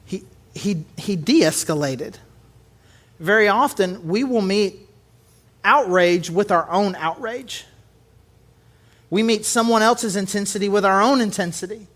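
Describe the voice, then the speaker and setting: A man with a high speaking voice delivers a relaxed, conversational sermon. He talks like he is chatting with the room, slips easily into acted-out quotes, and slows down to stress his main points. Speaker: pastor.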